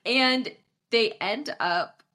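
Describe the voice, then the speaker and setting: A young woman co-hosting a casual podcast, quick and expressive, laughing often. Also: on the high side. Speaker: podcast co-host. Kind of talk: casual chat.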